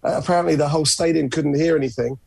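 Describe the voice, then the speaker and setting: Gravelly North London man, husky. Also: a little high, steady tone, very fast, darkish tone, no echo. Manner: chatty storyteller, many uh fillers. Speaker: podcast guest. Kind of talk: casual podcast chat.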